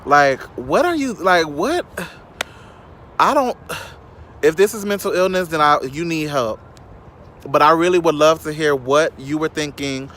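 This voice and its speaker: A man's voice: on the high side, lively intonation, a little slow, pauses often, a bit bright, a little hiss or hum. Sassy gossiping man from Chicago. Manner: sassy, shady, keeps calling the viewer "child". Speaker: vlogger. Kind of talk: casual gossip commentary. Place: outdoors in sunlight.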